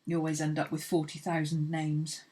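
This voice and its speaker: A woman's voice: sits low, monotone, moderate pace, darkish tone. A woman hosting an art channel, chatting casually and rambling cheerfully as she sketches. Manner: chatty, rambling, laughs easily. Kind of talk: casual chat while sketching.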